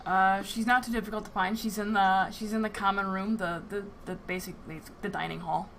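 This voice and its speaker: A woman narrates as game master, setting scenes in a plain, mid-pitched voice and pausing often on fillers. There is a faint hiss behind her. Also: steady tone, a bit bright. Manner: descriptive, with filler pauses.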